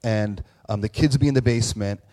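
A man's voice: on the low side, quick pace, dark tone. A man preaching a conversational sermon as a pastor, candid and self-deprecating, telling stories with plenty of fillers and restarts. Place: church with online audience.

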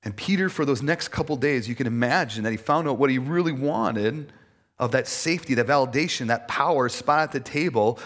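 A man's voice: medium pitch, a little fast, a bit bright. A male pastor preaching a sermon in a conversational, self-deprecating way, with many fillers.

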